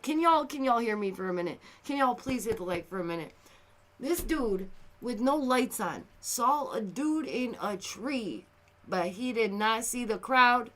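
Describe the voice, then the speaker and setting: Here a woman with a fairly high-pitched voice hosts a casual commentary video, sounding animated and exasperated. She veers between loud outbursts and quiet, somber asides.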